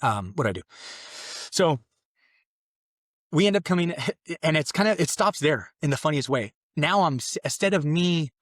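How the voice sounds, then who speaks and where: A man's voice: a little high, lively intonation, moderate pace, long pauses, fairly bright tone, dry recording, clean studio sound. A young man, a podcast guest, telling a personal story in a casual, rambling way, acting out what others said. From Mexican family. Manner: casual, rambling with fillers and acted-out quotes.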